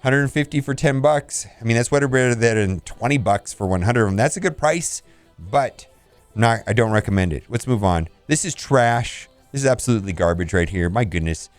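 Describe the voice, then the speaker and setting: A man's voice: medium pitch, lively intonation, normal speed, no echo, faint music behind. A man hosting a casual game video, reviewing store offers with blunt verdicts and laughs. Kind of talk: casual commentary.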